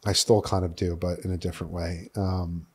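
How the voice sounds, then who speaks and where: A man's voice: sits low, flat delivery, normal speed, breathy edge. A young man from New York City as a podcast guest, candidly telling his story in a rambling, profane way, full of "like" fillers.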